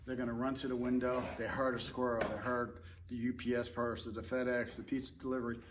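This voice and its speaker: Laid-back guy, dog trainer, chatting through tips, mid-pitch, bit of faint noise behind. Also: fast. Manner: relaxed, rambling, with fillers and restarts. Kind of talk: casual instructional talk.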